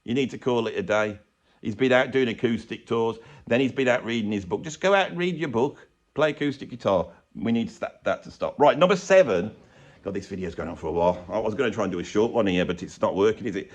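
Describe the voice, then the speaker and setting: A man's voice: fairly low pitch, quick pace. A man ranting sarcastically in a rambling vlog, filmed in a room with bare brick walls. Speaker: YouTuber and drummer.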